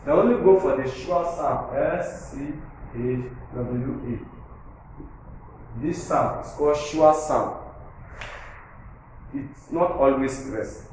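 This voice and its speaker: A man's voice: medium pitch, slow, long pauses, a little mellow. A man teaching a lesson, repeating his points and spelling words out letter by letter. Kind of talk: classroom lesson on syllable stress. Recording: very echoey room with faint background noise.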